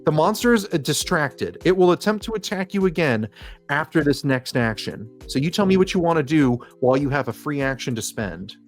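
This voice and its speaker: A man running a comedy tabletop game as game master, narrating with lively energy, swearing and laughing. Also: a little high, brisk, soft background music.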